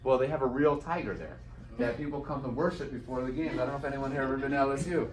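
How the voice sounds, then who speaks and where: A man giving a lively personal storytelling talk to an audience, acting out the dialogue. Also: mid-range voice, fast talker. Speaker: speaker. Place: event hall. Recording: roomy sound from a distant mic.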